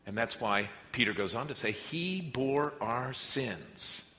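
A man preaching a sermon as pastor, earnest, moving between quiet reflective passages and emphatic rises. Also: medium pitch, animated, takes it slowly. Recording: reverberant hall with faint noise.

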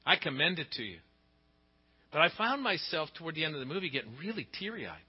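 A middle-aged man preaching a sermon, telling stories with big swings in pitch and loudness. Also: fast, slightly rough. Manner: expressive storytelling, pitch and volume swing widely. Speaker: pastor. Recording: dull sound with long hall reverb.

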